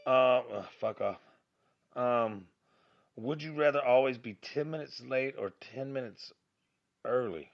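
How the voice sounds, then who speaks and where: A man's voice: medium pitch, measured pace, gravelly, muffled recording. A middle-aged man ranting on his own podcast, rambling and grumbling with plenty of cursing and filler. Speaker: podcast host. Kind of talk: profane solo rant.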